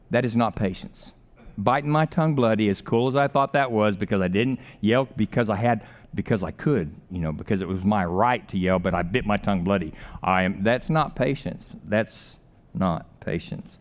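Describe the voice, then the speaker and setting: Man, pastor, conversational sermon, repeats himself, slightly muffled recording. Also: on the low side. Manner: conversational preaching with humor and repeated phrases.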